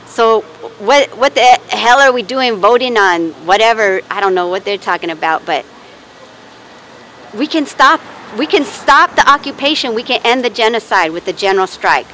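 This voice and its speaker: A woman's voice: a little high, lively intonation, normal speed, pushed and bright, a little hiss or hum, rough recording. A woman protester speaking earnestly in a street interview outdoors, stating her demands plainly.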